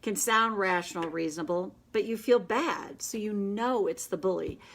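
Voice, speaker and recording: A woman hosting a casual live session, coaching a group in an earnest, gentle and encouraging way, with quick asides. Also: mid-range voice, creaky. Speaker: inner child tapping coach, host.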